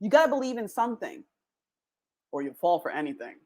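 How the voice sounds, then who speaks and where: A woman's voice: medium pitch, very animated, fairly quick. A woman hosting her own podcast, giving a jokey motivational talk and acting out quoted voices as she goes. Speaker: podcast host.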